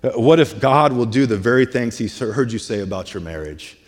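A man's voice: mid-range voice, expressive, brisk. Casual-talking pastor man in a reverberant hall. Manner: casual, conversational retelling with "like" and "hey". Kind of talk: sermon. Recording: long reverb of a large hall.

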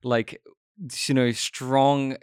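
A man's voice: mid-range voice, flat delivery, very slow, clean tone, no room sound, studio quality. An Australian man in his thirties hosting a podcast, chatting casually and rambling with frequent laughs. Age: 30s. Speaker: podcast host.

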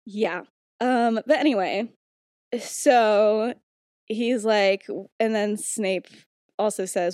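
A woman's voice: medium pitch, takes it slowly, darkish tone, dry recording, studio quality. Chatty, giggly young woman storyteller. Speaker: podcast host. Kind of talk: casual story retelling.

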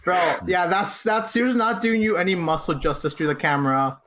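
A man co-hosting a podcast, teasing his friends in casual chat. His voice sits somewhat high. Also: moderate pace, a bit bright. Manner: teasing, playful. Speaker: podcast co-host.

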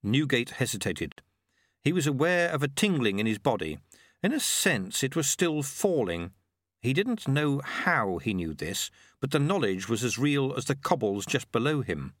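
This male narrator tells a novel's story aloud with expressive delivery, reading from a script at normal speed in a medium-pitched voice. The studio-quality audio has no room sound.

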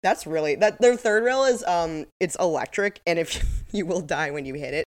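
Low-voiced woman podcast co-host. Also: expressive, moderate pace. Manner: laughs often, acts out quotes. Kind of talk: casual chat recapping a TV episode.

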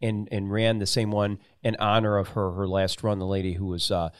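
A man's voice: fairly low pitch, level tone, brisk, clear, resonant tone. A man hosting a talk show, chatting casually and often restarting his sentences. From Columbus, Georgia. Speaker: radio show host.

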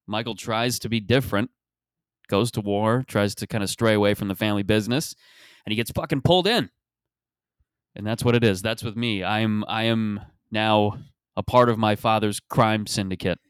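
A man's voice: on the low side, no room sound, clean studio sound. A man hosting a podcast, riffing crudely with lots of swearing and slipping into mock voices. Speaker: podcast host. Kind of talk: casual podcast banter.

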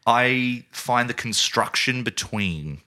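A man in a casual podcast chat who reviews a film critically and acts out scenes in quick put-on voices. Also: mid-range voice, expressive, pushed and bright. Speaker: podcast co-host.

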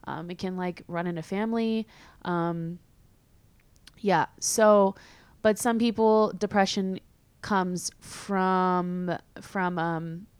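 A young woman hosting a podcast, talking casually and candidly with many fillers and quick laughs. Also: fairly low pitch, fairly even intonation, clean tone, no room sound. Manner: chatty, filler-heavy, candid, laughs easily. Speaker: podcast host. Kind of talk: casual solo podcast chat.

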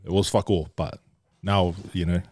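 A man's voice: low-pitched, level tone, normal speed, a little mellow, dry recording. Blunt, swearing young New man. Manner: swears a lot, says bro constantly. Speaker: podcast guest. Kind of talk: candid casual storytelling.

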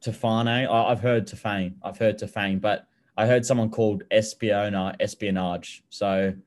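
Young Australian male podcast co-host, slightly low voice, relaxed and chatty. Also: normal speed. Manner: laid-back, laughs often, swears, repeats words. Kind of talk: casual chat.

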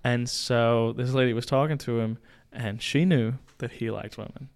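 Animated young man telling a story. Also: medium pitch, moderate pace, gravelly, clear, resonant tone. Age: young adult. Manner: animated storyteller, acts out voices, laughs. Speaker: podcast co-host. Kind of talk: casual storytelling. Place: small home studio.

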